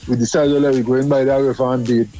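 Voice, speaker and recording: A middle-aged man, calling in to a radio show and telling a story in an animated way, repeating words as he goes. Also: medium pitch, fast talker. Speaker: caller. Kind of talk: casual storytelling.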